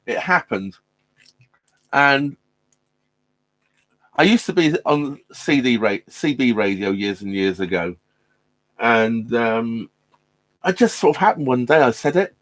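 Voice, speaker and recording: A man's voice: medium pitch, big pitch swings, takes it slowly, pauses often, a bit bright, dry recording. A man hosting a casual live stream from his narrowboat, chatting with viewers in a rambling way, full of ums and restarts, laughing often. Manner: laughs often while talking.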